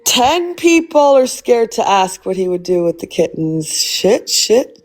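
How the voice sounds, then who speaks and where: A woman's voice: medium pitch, sing-song, a little slow, a little mellow. A woman hosting a casual livestream, blunt and swearing freely as she asks rhetorical questions. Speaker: livestream host.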